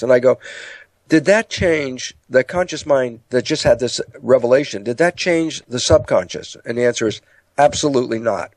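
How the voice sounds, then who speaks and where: A man explains the mind in a lecture-style talk, with a middle-pitched voice and a dry, close sound. He tells stories with energy and jumps into higher voices to act out inner dialogue. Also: normal speed, a little mellow, no room sound. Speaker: speaker on biology and the mind.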